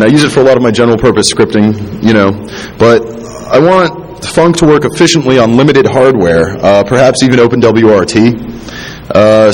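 A man giving a technical conference talk, halting with many fillers and restarts, dropping dry self-deprecating asides, a little tipsy from drinking. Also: fairly low pitch, low-quality recording. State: tipsy, drinking while talking. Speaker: conference speaker. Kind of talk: technical presentation.

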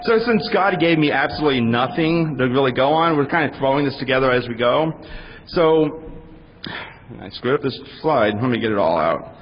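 A man's voice: mid-range voice, lively intonation, moderate pace, breathy edge. A man casually moderating a conference panel, loose and joking as he improvises. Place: conference hall with audience. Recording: dull recording in a reverberant hall.

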